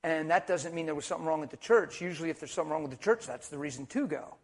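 Middle aged preacher guy, pretty high voice, goes quiet then loud, storytelling sermon. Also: racing. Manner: storytelling, animated, swings between hushed asides and loud emphasis. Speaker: traveling preacher.

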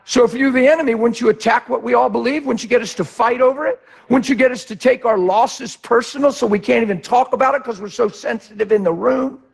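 A man preaching a sermon with passion, moving between shouted lines and quiet, reflective ones. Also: very high voice, fast talker, vocal fry, husky. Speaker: pastor.

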